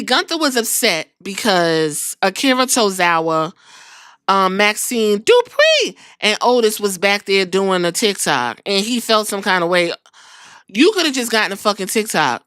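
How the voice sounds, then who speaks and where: Sassy woman recapping wrestling, bright voice. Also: mid-range voice, very animated, measured pace, no room sound, clean studio sound. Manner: sassy, profane, conversational. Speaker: podcast host.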